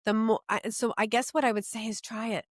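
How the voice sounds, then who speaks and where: A middle-aged woman, a podcast guest, telling her personal story in an earnest, animated way. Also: fairly high pitch, brisk, no echo, clean studio sound.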